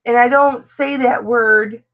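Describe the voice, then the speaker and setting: A middle-aged woman talks warmly and at length to her live-stream viewers, calling them baby and answering their comments. Her voice sits a little high. The sound is thin and phone-like. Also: steady tone, unhurried. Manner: chatty, affectionate, reads and answers viewer comments aloud. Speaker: live-stream host, reseller. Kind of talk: casual live-stream chat.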